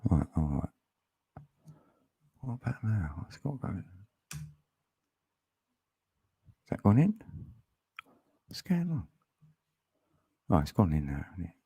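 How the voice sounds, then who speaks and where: A man's voice: low-pitched, very animated, slow, pauses often, warm tone, slightly rough, no echo. A man chatting casually on a live stream, laughing often and greeting viewers by name.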